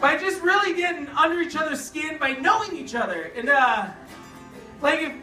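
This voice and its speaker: A young man doing a stand-up comedy set, laughing through his jokes and breaking into loud shouts. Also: very high-pitched, expressive, moderate pace, soft background music. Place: comedy club stage before a live audience. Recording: echoey room from far off, loud crowd and noise. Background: audience laughter and room noise.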